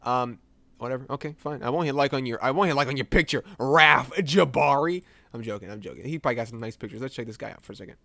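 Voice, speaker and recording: A man's voice: mid-range voice, rapid-fire, a bit bright, dry recording. A young American man chatting casually while he edits images live for a stream, rambling, joking at himself and laughing often. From United States.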